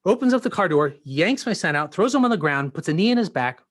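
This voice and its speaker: A man's voice: sits high, very animated, fast, fairly bright tone, no echo. A man, a pastor, telling a personal story in a sermon with earnest, filler-laden storytelling and voiced quotes.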